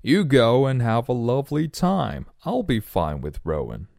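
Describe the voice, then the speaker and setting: A man's voice: medium pitch, huge pitch swings, very slow, vocal fry, warm tone, dry recording, clean studio sound, full character voice. A plucky young girl babysitter from a storybook, voiced by a man, lifts her voice and reassures everyone with confidence. She sounds upbeat and unbothered. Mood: confident. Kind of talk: storybook reading.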